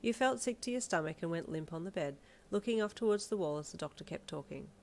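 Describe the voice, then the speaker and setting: Female narrator, slightly low voice, reading second-person fanfic with feeling. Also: expressive, quick pace, vocal fry, darkish tone.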